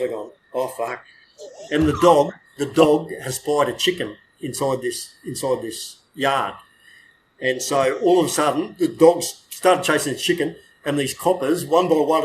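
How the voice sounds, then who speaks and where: In poor audio with a little hiss or hum, an older Australian man at medium pitch swears freely as he spins rambling, self-correcting yarns from his days as a police dog handler in a casual chat.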